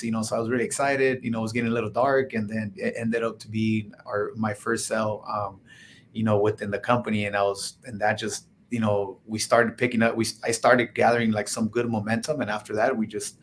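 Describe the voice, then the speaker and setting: A man's voice: on the low side, slight background noise. A man on a podcast as a guest, telling his stories in a casual, rambling way full of "like" and "you know", and acting out the dialogue. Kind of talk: casual storytelling interview.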